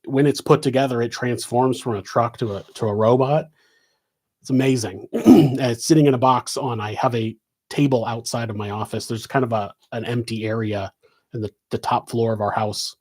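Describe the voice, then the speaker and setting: A man's voice: fairly low pitch, darkish tone. A middle-aged man hosting a live question-and-answer stream, talking in a loose, meandering way with many restarts. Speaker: host answering viewer questions. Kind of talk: rambling live Q&A chat. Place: home office.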